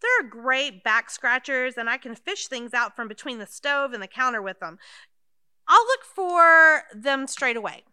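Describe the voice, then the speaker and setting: Woman playing nervous little old lady in a radio play, high voice, dry sound. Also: very animated, a little slow, sharp tone, smooth, no echo, exaggerated voice. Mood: chatty. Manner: fussy, anxious, flustered. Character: timid fretful elderly woman, Mildred. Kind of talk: audio drama acting.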